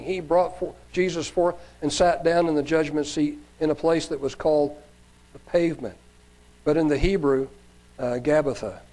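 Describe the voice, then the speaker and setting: A man's voice: fairly high pitch, darkish tone, poor audio. A man preacher reading Bible passages aloud and adding sermon comments, raising his voice for quoted cries, with some fillers and restarts.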